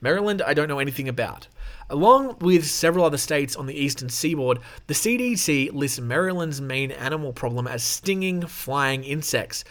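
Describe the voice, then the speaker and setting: Swearing, laughing podcast host. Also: male voice, on the high side, animated, moderate pace, fairly bright tone. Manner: swears freely, laughs mid-sentence, off-the-cuff asides. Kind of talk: casual podcast chat reading notes.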